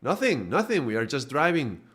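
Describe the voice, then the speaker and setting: A brash, scheming first mate , put on by a man, rallying his mates with a raised, loud voice. He brushes off worries with quick, pushy reassurance. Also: medium pitch, big pitch swings, breathy edge, voice pushed up, exaggerated voice. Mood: evasive. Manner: brash, reassuring, party-loving. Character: rowdy scheming male first mate, the ego.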